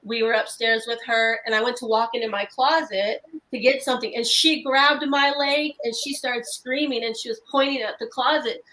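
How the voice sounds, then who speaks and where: A woman's voice: a little high, steady tone, normal speed, few pauses, sharp tone, low-quality recording. A woman in her thirties, a guest paranormal investigator, telling her story earnestly in long run-on sentences full of restarts over a video call. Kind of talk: emotional storytelling in casual chat.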